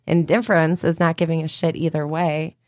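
Podcast co-host, woman, opinionated and rambling, lower voice, dry sound. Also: level tone, a little fast, a little mellow, no room sound. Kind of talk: casual chat.

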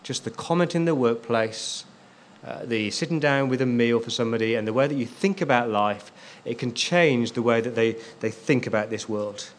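A man's voice: medium pitch, normal speed, a little hiss or hum. A man preaching a sermon as a pastor, stressing key words and repeating them for emphasis.

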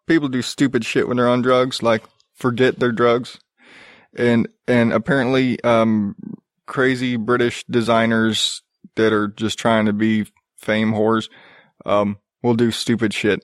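Man, podcast host, sarcastic swearing rant, mid-pitched voice, dry close recording. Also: flat delivery, measured pace, no echo. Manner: profane, exasperated, sarcastic. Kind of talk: ranting casual commentary.

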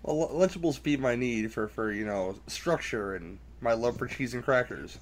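Crude, joking man riffing on a movie. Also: medium pitch. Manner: loose, crude, joking, quick to laugh. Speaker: podcast commentary host. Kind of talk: casual movie commentary chat.

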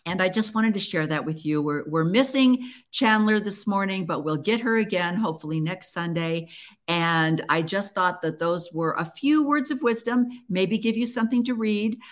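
A woman's voice: medium pitch, lively intonation, moderate pace. A woman hosting her own podcast, talking to listeners in an earnest, encouraging way and often restarting her sentences. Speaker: podcast host. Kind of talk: casual solo podcast talk.

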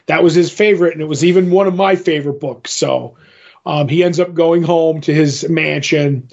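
A man recaps a story in loose, casual chat, stringing thoughts together with ums and "he's like". His voice sits a bit high for a man. The recording sounds dull and lo-fi. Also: fairly even intonation, moderate pace, creaky, darkish tone. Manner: rambling, full of ums and "he's like".

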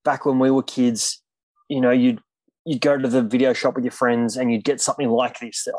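A man's voice: mid-range voice, level tone, fairly quick, a little mellow, no room sound. A man guesting on a podcast, chatting casually about films and building his points loosely. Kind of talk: casual film discussion.

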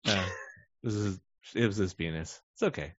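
A man co-hosting a podcast in casual chat, animated and swearing freely. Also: deep voice, moderate pace, no room sound, dull audio. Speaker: podcast co-host.

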